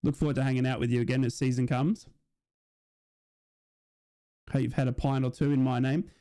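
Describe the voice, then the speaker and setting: A man's voice: mid-range voice, level tone, a little fast, warm tone. A man streaming a live football watch-along, chatting casually, reading out viewers' messages and often asking "do you know what I mean".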